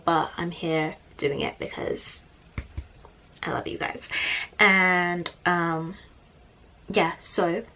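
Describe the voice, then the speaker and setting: A young woman sits on her bedroom floor at home doing a casual tarot reading, chatty and apologetic, easily distracted and a little out of breath. Her voice is lowish and a bit bright.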